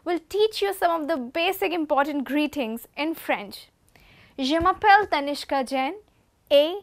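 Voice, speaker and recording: A woman with an Indian English accent, an assistant professor giving a lesson on French greetings and repeating each word slowly. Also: high voice, animated. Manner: slow repeated pronunciation drills. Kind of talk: classroom lesson.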